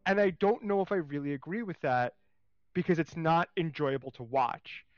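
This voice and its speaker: Animated man on a dull lo-fi stream. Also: fairly high pitch, moderate pace, dry recording. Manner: animated, searching for words. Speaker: co-host. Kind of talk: casual comics discussion.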